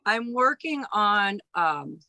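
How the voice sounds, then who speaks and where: A woman's voice: medium pitch, slow pace, gravelly, dry recording, rough recording. A woman in her fifties from Hawaii, a stand-up comedian, telling family stories in a casual interview with lots of restarts. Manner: animated storyteller, lots of restarts.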